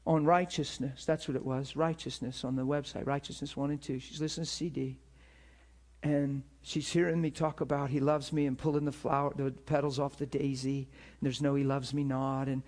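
A man preaching a sermon, telling stories in an animated, emphatic way and acting out the people he quotes. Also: fairly high pitch, moderate pace. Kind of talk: sermon storytelling.

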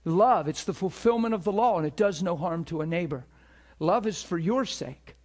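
A man preaching to a ministry school, telling a story with emphatic, animated delivery and acted-out dialogue. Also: normal speed. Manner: animated, emphatic, acts out dialogue with rising pitch. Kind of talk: sermon storytelling.

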